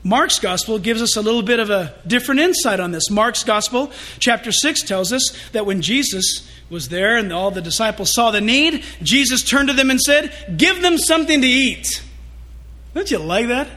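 A male pastor preaching a sermon in an animated, joking and confessional way. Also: sits high, normal speed, few pauses.

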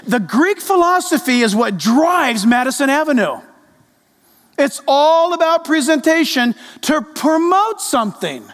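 A male pastor preaching a sermon in a church, animated and speaking directly to the congregation. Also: extremely high pitch, a little slow. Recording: echoey reverb of a large hall.

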